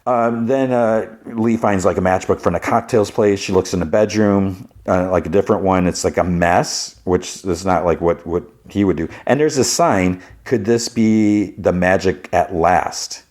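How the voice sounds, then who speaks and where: A man's voice: low-pitched, normal speed, hardly any pauses, a little mellow. A man hosting a podcast, recapping a TV episode in a chatty way, full of "like" and "you know.". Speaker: podcast host.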